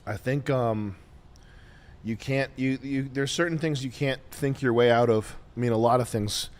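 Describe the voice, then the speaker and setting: A man's voice: mid-range voice, moderate pace. A man hosting a podcast in crude, blunt, rambling casual chat. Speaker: podcast host.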